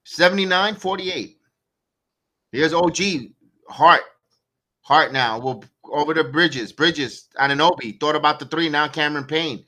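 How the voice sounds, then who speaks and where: Bright-voiced, excitable man calling the game. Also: fairly high pitch, measured pace. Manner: excitable, sarcastic, rants at the coach. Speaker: watch-along play-by-play host. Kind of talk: live fan play-by-play commentary.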